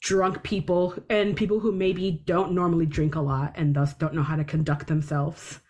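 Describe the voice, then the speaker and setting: A woman's voice: sits low, level tone, normal speed, a little mellow. A woman co-hosting a podcast in casual chat, talkative, with dry humor and frequent swearing. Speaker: podcast co-host. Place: city.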